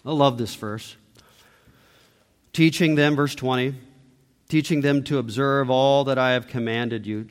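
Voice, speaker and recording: A man preaching a sermon as pastor, emphatic, rising to loud peaks and dropping to hushed low lines. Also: fairly even intonation, a little slow, pauses often, clear, resonant tone. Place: church sanctuary. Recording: long reverb of a church hall.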